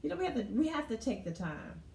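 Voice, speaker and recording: A woman's voice: sits high, very animated, fast talker, gravelly, a little mellow. A woman co-hosting a casual podcast, telling stories, laughing often and repeating her words as she gets going. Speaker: co-host. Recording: roomy echo, faint background noise.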